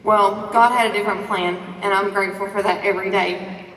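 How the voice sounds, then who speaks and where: A woman giving a lively motivational talk to a conference audience, asking the crowd questions and preaching about faith and confidence. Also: medium pitch, brisk, a little hiss or hum. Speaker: conference speaker. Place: large conference hall. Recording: echoey hall recording from a distance.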